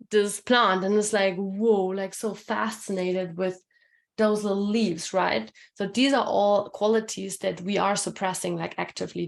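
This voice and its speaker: Chatty woman with a gravelly voice. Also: medium pitch. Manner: casual and chatty, many fillers, reads chat comments aloud. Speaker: relationship coach hosting a webinar. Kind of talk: live webinar talk.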